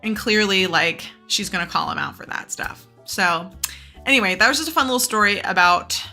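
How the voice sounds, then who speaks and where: Animated woman teacher telling a story. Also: mid-range voice, moderate pace, soft background music. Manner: animated, filler-heavy, laughing. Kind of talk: casual storytelling on a reading stream.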